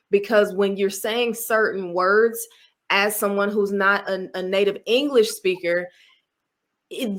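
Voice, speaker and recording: Woman, podcast guest, expressive, animated, mid pitch, casual advice. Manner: animated, expressive, laughs easily. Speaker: podcast guest, speaking coach. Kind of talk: casual interview.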